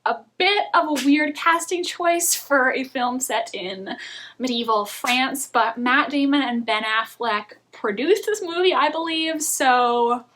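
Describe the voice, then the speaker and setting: Chatty woman doing a review vlog, kinda high voice, crisp and bright. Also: unhurried. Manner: chatty and candid, laughs often. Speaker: book and film reviewer.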